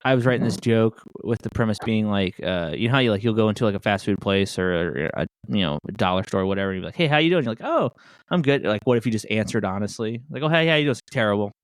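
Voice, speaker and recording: A man's voice: fairly low pitch, no echo. Easygoing comic man, dry close sound. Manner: loose storytelling with quick voiced asides. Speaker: podcast host and stand-up comic. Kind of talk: casual chat.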